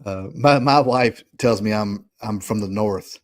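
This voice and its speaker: A man's voice: on the low side, measured pace. Southern-drawling man giving earnest advice. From Kentucky. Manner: folksy, earnest, frequent restarts and tag questions. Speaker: podcast co-host. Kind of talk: casual political chat.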